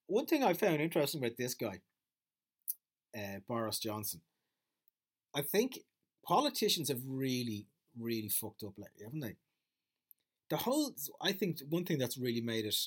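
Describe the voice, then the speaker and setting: A man talking through a casual monologue as a podcast host, rambling and swearing freely, with plenty of fillers and restarts. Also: mid-range voice.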